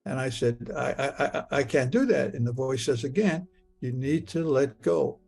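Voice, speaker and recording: A man retelling a personal experience in the first person and the present tense, halting and stammering as he repeats his words. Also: medium pitch, vocal fry, darkish tone, husky, faint music behind. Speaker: near-death experience witness.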